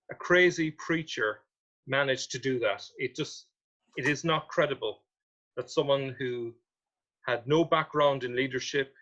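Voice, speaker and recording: A man's voice: medium pitch, fairly bright tone, muffled recording. A man presenting a history talk with slides, reading out old quotations and questioning what they mean. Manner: reads quotations aloud, then questions them.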